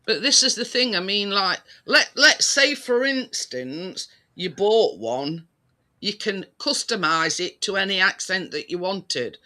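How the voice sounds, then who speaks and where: A British man chatting casually, his voice high and very bright. He talks slowly and rambles, restarting sentences and dropping fillers as he goes. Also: animated. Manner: rambling, many restarts and fillers, laughs easily. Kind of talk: casual chat.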